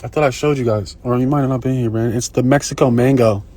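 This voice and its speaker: A man telling a long story on a phone livestream, in a profane, rambling and excitable way. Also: medium pitch, quick pace. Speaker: live-streamer. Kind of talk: casual live-stream storytelling.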